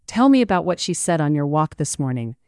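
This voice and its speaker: Narrator doing a curt, stoic gentleman. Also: medium pitch, very animated, a little fast, smooth, dry recording, clean studio sound. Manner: curt, formal. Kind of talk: audiobook character reading.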